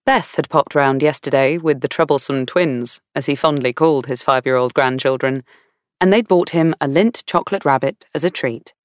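A woman reading a novel aloud in measured, warm storytelling. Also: very deep voice, dry recording. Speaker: audiobook narrator. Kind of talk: scripted narration.

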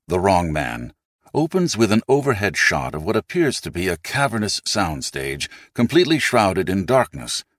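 A low-voiced man narrating a nonfiction audiobook. He tells it in an expressive, emphatic way, and his pitch rises and falls widely. The recording is dry and close, with no room sound. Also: no room sound.

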